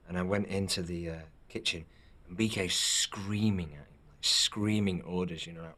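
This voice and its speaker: A man's voice: low voice, fairly even intonation, normal speed, bright, forceful tone. A man actor in a documentary interview, telling anecdotes with some hesitation.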